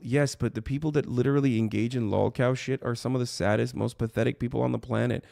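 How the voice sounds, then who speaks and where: Man, livestreamer, heated profane rant, rambling, gravelly fry, dry close sound. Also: mid-range voice, steady tone, quick pace, few pauses, mellow, dry recording. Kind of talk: ranting livestream reaction.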